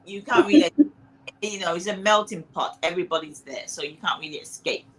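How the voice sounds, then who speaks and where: A woman's voice: fairly low pitch, a little fast, crowd noise, rough recording. A woman guest on a casual video-call chat, easygoing and laughing as she talks.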